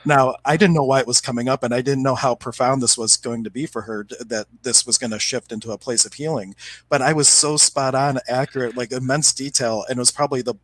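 A man co-hosting a podcast, telling a story in an animated way and acting out the quotes. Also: medium pitch, quick pace, no room sound. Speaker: podcast co-host. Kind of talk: casual chat.

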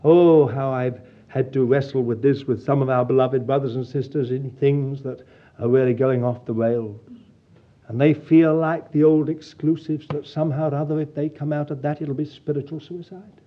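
Husky preacher, dull old tape. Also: male voice, mid-range voice, fairly even intonation, normal speed. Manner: earnest, pastoral, addresses listeners as dear child of God. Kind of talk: sermon.

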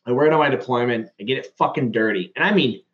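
A man hosting a podcast, casually telling profane, animated stories. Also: mid-range voice, quick pace, roomy sound, muffled recording. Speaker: podcast host. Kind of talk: casual chat.

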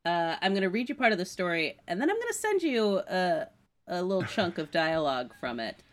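A woman's voice: lowish voice, big pitch swings, brisk. A woman from the United States co-hosting a podcast, chatting casually and reading out a news story with lots of "like" and laughter. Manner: chatty, laughs often, fills with "like". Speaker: podcast co-host.

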